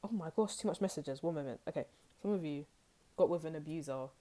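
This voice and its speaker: A young woman gives a casual tarot reading straight to her viewers. Her voice sits low and mellow for a woman. She talks in a loose, rambling way and jumps into quoted reactions. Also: fast. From United Kingdom. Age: young adult. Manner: chatty and rambling, acts out quoted reactions with high exclamations. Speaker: tarot reader.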